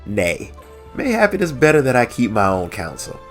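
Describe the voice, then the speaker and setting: A man with a nasal voice voicing a cool, dry-witted young woman mage who speaks in a stony, old-fashioned way, raising his pitch somewhat. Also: huge pitch swings, moderate pace, soft background music. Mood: aloof. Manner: stony, archaic, dryly sarcastic.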